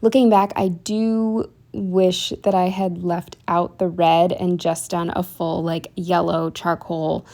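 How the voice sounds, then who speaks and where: A woman's voice: lowish voice, flat delivery, takes it slowly, hardly any pauses, dark tone. A woman talking casually as a planner vlogger, walking through her weekly spread in a rambling, chatty way with lots of fillers and trailing-off sentences.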